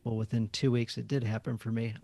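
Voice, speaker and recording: A man hosting a podcast, telling stories in a lively, friendly conversational way. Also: mid-range voice, fairly quick, creaky, no echo. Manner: lively storytelling. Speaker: podcast host. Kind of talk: casual chat.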